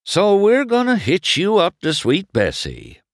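A man's voice: sits high, wildly swooping pitch, unhurried, no room sound, clean studio sound, pitched above the performer's own voice, full character voice. Doc, a man doing a stern old car. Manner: gruff, commanding, drawling. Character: stern old male car, town judge. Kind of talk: storybook character voice.

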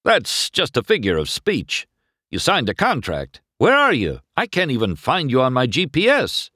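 A man voicing a pushy, fast-talking male talent agent who cuts others off, in a storybook reading. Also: fairly high pitch, sing-song, fairly bright tone, no room sound, clean studio sound, pitched above the performer's own voice. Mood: brusque.

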